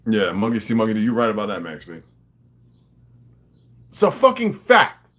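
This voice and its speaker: A man's voice: on the low side, huge pitch swings, moderate pace, a bit bright. A man delivering a profane, confrontational monologue, lecturing his viewers.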